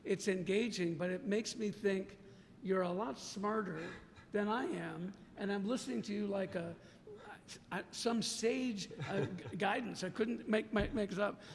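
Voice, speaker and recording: A high-pitched American man hosts the interview, gushing praise while stumbling and restarting his sentences. The room gives his voice a long reverb. A faint rumble sits underneath. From United States. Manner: effusive, halting, restarts often. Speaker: podcast host. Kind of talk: conversational podcast interview.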